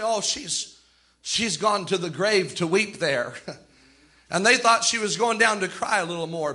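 A man preaching a fervent sermon, acting out the voices of people he quotes, with dramatic pauses. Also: high voice, bright, forceful tone.

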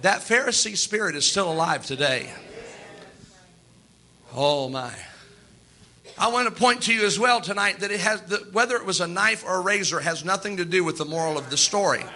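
A man's voice: high-pitched, normal speed, bright, forceful tone. A man preaching a sermon to his congregation, emphatic, often acting out quoted voices of others.

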